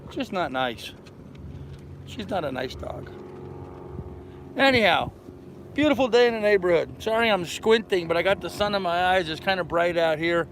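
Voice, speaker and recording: An older man chats to his camera from a boat in a marina, his voice a touch high for a man. He rambles easily and calls out greetings to neighbors passing by. Wind buffets the mic throughout. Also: expressive, normal speed, pauses often, a bit bright, low-quality recording. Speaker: vlogger. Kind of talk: casual chat to camera. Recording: wind noise outdoors by the water.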